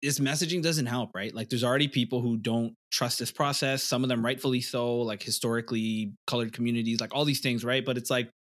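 Bright-voiced young man, laughing and slangy. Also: mid-range voice, fairly quick, hardly any pauses. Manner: animated, laughs often, slangy, acts out quoted people. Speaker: podcast co-host. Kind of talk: casual chat.

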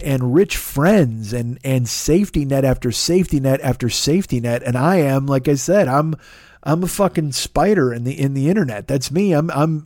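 A man's voice: a little high, a little mellow, no echo, studio quality. A man hosting a podcast, ranting in a sarcastic, exasperated and profane way. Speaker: podcast host. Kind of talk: ranting monologue.

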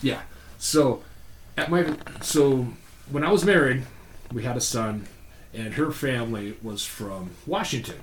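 A man's voice: mid-range voice, unhurried. A middle-aged man, a podcast guest, telling rambling, profane stories in casual chat and laughing through them. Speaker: podcast guest, younger brother. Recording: roomy echo, faint hiss.

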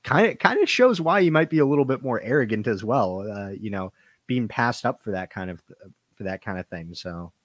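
A man casually discussing a movie, often halting and repeating words as he talks. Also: on the low side, animated, fairly bright tone, dry recording. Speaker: podcast co-host.

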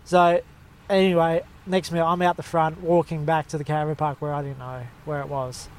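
A man's voice: a little high, little pitch movement, a little fast, a little mellow. Rambling young Australian man, slangy. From Western Australia. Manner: rambling anecdote, laddish slang, fillers. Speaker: storyteller. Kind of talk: casual chat.

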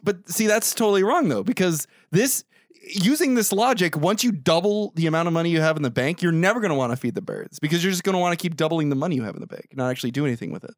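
A man's voice: a little high, animated, quick pace, dry recording, studio quality. A man co-hosting a casual podcast, reacting with incredulous, sarcastic wisecracks. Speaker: podcast co-host. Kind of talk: casual movie chat.

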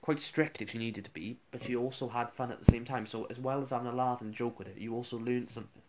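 A man's voice: mid-range voice, quick pace, heavy background noise. Rambling man telling stories. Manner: rambling storyteller with frequent restarts and chuckles. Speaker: radio presenter. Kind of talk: casual anecdotal chat.

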